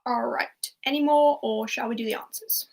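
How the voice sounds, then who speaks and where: A young woman hosting a casual livestreamed pub quiz, chatty and laughing softly as she reads out quotes and answers. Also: on the high side, steady tone, normal speed, gravelly.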